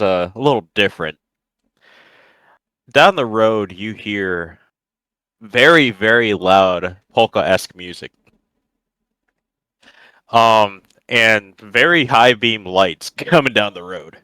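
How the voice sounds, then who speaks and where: A man's voice: fairly low pitch, expressive, takes it slowly, long pauses, sharp tone, clean tone, dry recording, rough recording. A man playing a tabletop game, describing his character with amusement. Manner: amused, with frequent laughs. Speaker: player.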